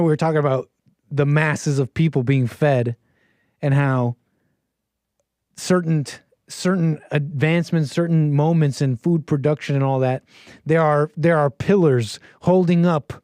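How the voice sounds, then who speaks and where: A man's voice: fairly high pitch, no room sound. A man hosting a live stream, reacting to a video clip with incredulous jokes for his chat. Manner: animated, incredulous, joking with chat.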